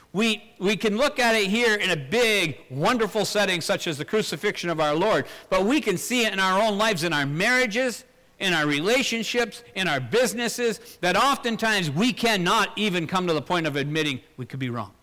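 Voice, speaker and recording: A man preaching a sermon in an earnest way, asking rhetorical questions, swelling louder and then dropping low. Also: expressive, moderate pace. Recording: long hall reverb.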